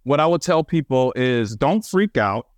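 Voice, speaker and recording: A man telling stories as a birding guest on a radio chat show, animated and excitable, with lots of fillers. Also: mid-range voice, measured pace, no room sound. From Wisconsin, USA.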